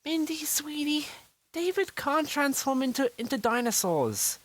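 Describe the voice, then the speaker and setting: A performer voicing a gentle, doting mother in a homemade story, high and sing-song. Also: big pitch swings, normal speed.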